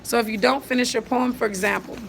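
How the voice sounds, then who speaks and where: Woman teacher going step by step, counting syllables out loud, bit of vocal fry, faint hiss behind. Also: on the high side, fairly even intonation, fast talker. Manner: patient, counts syllables aloud, thinks out loud while writing. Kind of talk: step-by-step poetry lesson.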